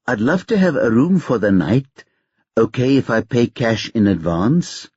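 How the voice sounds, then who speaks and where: A man's voice: medium pitch, very animated, a little slow, darkish tone, slightly rough, dry recording. A man voicing a young street-smart man who speaks in a carefully rehearsed, polite way. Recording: dull lo-fi dry recording.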